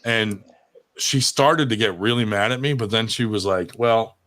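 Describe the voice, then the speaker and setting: A man's voice: on the low side, normal speed. A man telling a long jail story in casual chat, swearing often and acting out the other people's voices. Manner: animated, swears a lot, acts out voices in his anecdotes.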